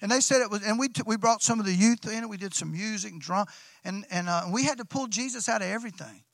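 Excitable pastor telling a story. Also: male voice, sits high, fast, gravelly, no echo. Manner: excitable, folksy, repeats and restarts, bursts into loud shouts. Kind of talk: sermon storytelling.

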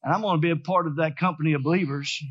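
Male pastor, high voice, fervent call-and-response sermon, slightly dull sound. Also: fairly even intonation, rapid-fire. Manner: preaching with rising fervor and call-and-response.

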